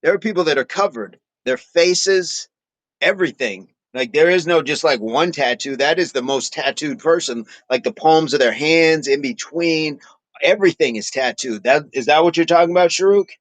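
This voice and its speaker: A man's voice: fairly high pitch, moderate pace, no echo. Guy chatting on his workout livestream, laughs a lot, repeats himself, dry sound. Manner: chatty and playful, laughs often, repeats phrases. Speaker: fitness livestream host. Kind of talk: casual livestream chat, reading viewer comments aloud.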